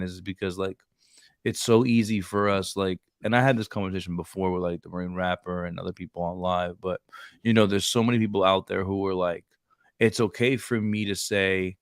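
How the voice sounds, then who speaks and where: A man's voice: low voice, clear, resonant tone, no echo, studio quality. A man in his thirties co-hosting a casual chat, telling stories loosely with lots of "like" and "bro". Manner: storytelling, says "like" and "bro" a lot. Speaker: podcast co-host.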